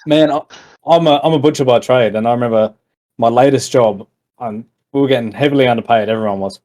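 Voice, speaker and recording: A man hosting a podcast, chatting casually in a relaxed, agreeable and reflective way. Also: mid-range voice, fast. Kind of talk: casual chat.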